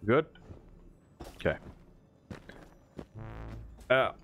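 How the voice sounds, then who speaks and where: A man giving casual commentary while playing a video game, swearing often and bursting into frustrated yells. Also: extremely slow. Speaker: let's play gamer. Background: game music.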